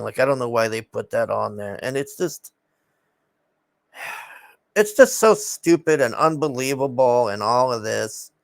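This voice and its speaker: A man's voice: mid-range voice, no echo. A man casually recapping a film in a rambling, exasperated way, swearing often and sighing.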